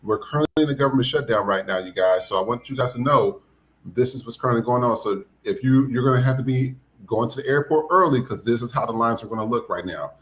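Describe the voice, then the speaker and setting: A man's voice: medium pitch, fast talker. A man hosting a podcast, ranting in casual political commentary with lots of profanity and mocking asides. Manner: profane, animated, mocking mimicry. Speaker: podcast host.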